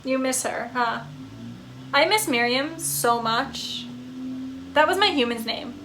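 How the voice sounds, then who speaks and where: A woman voicing an eager, friendly male ghost dog who talks in a loud, bouncy, jokey way. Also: high-pitched, expressive, slow pace, slight background noise, full character voice. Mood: wistful.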